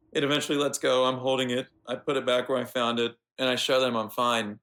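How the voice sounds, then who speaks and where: An American man, a veterinarian guest, telling animated stories in a casual interview with plenty of fillers. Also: mid-range voice, a little fast. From United States. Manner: animated anecdotes with lots of fillers.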